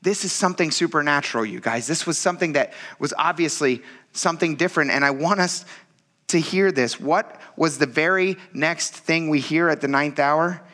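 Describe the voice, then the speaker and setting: A pastor preaches a sermon in a fairly high, bright voice with a forceful edge. He talks in an earnest, conversational way and keeps speaking straight to his listeners as "you guys.". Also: normal speed. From United States.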